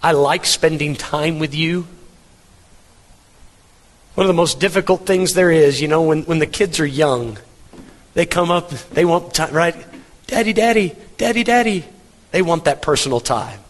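A man's voice: a little high, unhurried, pauses often. A middle-aged man preaching a sermon as pastor, earnest and emphatic, repeating his words for weight. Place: church hall. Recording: long hall reverb.

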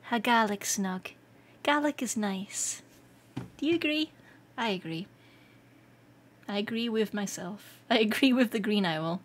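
A Scottish woman streaming live, chatting casually with viewers, excitable and quick to laugh. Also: medium pitch, a little hiss or hum. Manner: excitable and giggly, laughs often. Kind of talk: casual livestream chat.

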